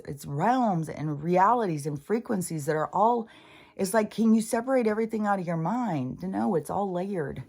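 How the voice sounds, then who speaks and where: A woman's voice: on the low side, a little mellow. An older woman talking in a rambling, profane, casual monologue as a spiritual channeler.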